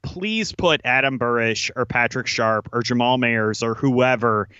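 A man's voice: mid-range voice, measured pace, bright, forceful tone, clean tone, no echo, highs cut off. A man co-hosting a sports podcast, sardonic and teasing, with blunt opinions. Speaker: podcast co-host. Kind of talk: casual sports podcast chat.

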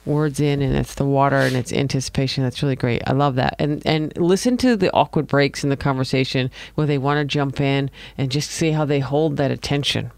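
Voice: mid-range voice, brisk, gravelly, hardly any pauses, dry recording. A podcast co-host in casual chat who jokes around and laughs often. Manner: playful and joking, with lots of laughter.

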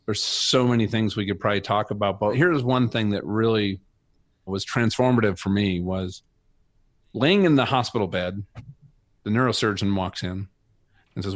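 A man's voice: on the low side, brisk, fairly bright tone, no room sound. A middle-aged man telling his personal faith story as a guest, earnest and reflective. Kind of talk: personal faith testimony in conversation.

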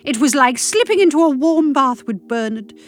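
Deadpan comic woman storyteller. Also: high voice, moderate pace. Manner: dry, deadpan comic delivery. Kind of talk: comic monologue reading.

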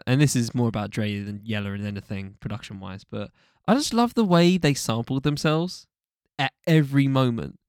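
This podcast co-host, a man with a medium-pitched voice, chats casually about music reviews, full of fillers, restarts and offhand swearing. The recording is dry and clean, with studio quality.

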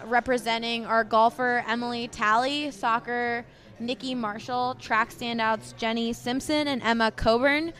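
A young woman with a high voice co-hosts a sports podcast in casual chat. She laughs easily and reads the news with small hesitations and fillers. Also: a bit bright. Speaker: podcast co-host.

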